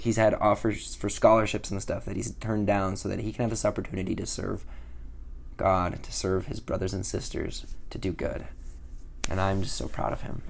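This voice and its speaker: A young man telling a personal story to camera with big swings between whispers and loud bursts. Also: lowish voice, gravelly. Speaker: vlogger telling a mission story.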